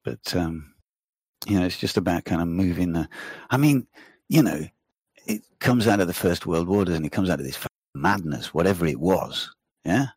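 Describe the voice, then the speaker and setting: A man chatting casually, telling rambling, animated stories and swearing freely. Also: low voice, moderate pace, slightly rough, dry recording, studio quality. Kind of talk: casual chat.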